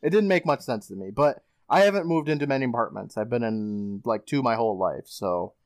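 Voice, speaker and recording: A man's voice: mid-range voice, animated, fairly quick, no room sound, studio quality. Laughing man recapping a show. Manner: laughing, swearing recap storyteller. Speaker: podcast host recapping an episode. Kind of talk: casual podcast chat.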